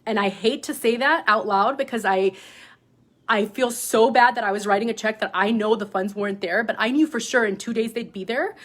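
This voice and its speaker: A woman telling a personal story to her sales team in a casual, animated way, often adding "like" and "right?", and acting out what people said. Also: on the high side, fairly quick. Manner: acts out quoted dialogue in other voices. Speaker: direct-sales team leader.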